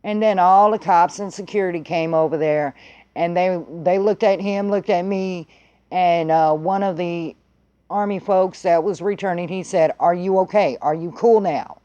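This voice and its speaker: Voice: mid-range voice, fairly even intonation, normal speed, darkish tone, clear, resonant tone, muffled recording. A vlogger telling a story in a blunt, heated way and swearing freely. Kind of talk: casual profane storytelling.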